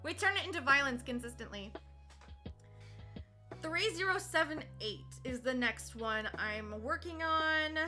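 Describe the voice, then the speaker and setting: Young woman streamer, high piercing voice, chatty and teasing, swears freely, crafting on stream. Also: animated, measured pace, pushed and bright, soft background music. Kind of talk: casual live-stream chat while cross-stitching.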